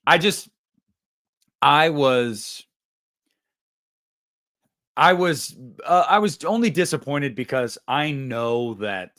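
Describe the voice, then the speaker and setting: A man's voice: mid-range voice, fairly bright tone. A man hosting a casual show, ranting jokingly about losing a contest in a mock-indignant, competitive way. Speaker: podcast host. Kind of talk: casual chat.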